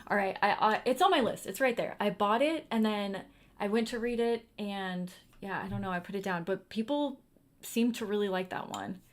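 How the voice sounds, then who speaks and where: A young woman hosts a livestream with casual, chatty energy, responding to viewer comments as they come in. Her voice is mid-range and she speaks at a normal speed.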